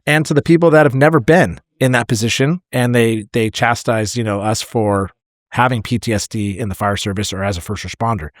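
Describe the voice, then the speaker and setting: A man's voice: mid-range voice, a little fast, no room sound. Podcast co-host, man, firefighter, blunt and emotional storyteller, dry close mic. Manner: candid, swears freely, emotional storytelling. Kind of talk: casual podcast chat.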